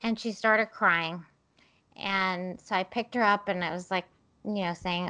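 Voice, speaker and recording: A woman's voice: mid-range voice, fairly even intonation, measured pace, bright, forceful tone, clean tone. Woman in her thirties, podcast co-host, casual chat, rambling, self-deprecating. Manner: rambling, self-deprecating storytelling with frequent fillers.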